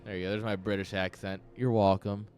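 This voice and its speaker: Low-voiced man casting a game. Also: little pitch movement, a little fast, darkish tone, soft background music. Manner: dry, sarcastic and rambling, with many fillers. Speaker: esports caster. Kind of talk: casual live game commentary.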